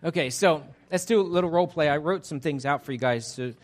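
An energetic male pastor leading an interactive sermon. His voice sits slightly high. He talks in a chatty way and often restarts his sentences. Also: quick pace.

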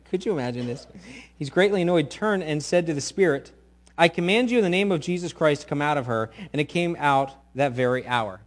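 Man, middle-aged pastor, sermon, lively preaching, slightly raised pitch. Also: a little fast. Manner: animated preaching, acts out quoted voices loudly.

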